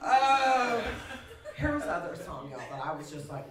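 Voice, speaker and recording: A woman's voice: on the low side, big pitch swings, measured pace, crowd noise. A woman performing a stand-up comedy set on a live stage, chatty and full of laughing asides. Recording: echoey room from a distance, audience.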